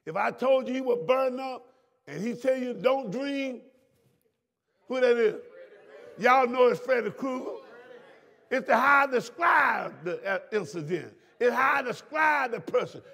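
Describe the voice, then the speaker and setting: A man preaching a sermon as pastor, repeating lines and breaking into shouts at the congregation. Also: very high voice, animated, a little slow, gravelly. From Southern United States.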